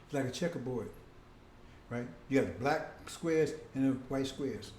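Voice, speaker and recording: A man's voice: mid-range voice, a little slow, darkish tone, echoey room, slight background noise. A man preaching a casual, conversational sermon, often breaking in with "see?" and "right?".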